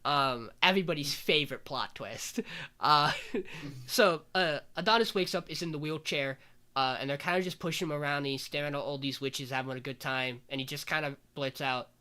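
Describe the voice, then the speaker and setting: A man hosting a casual podcast, recapping anime scenes with quick voiced quotes and fillers. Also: fairly high pitch, bright, forceful tone, smooth.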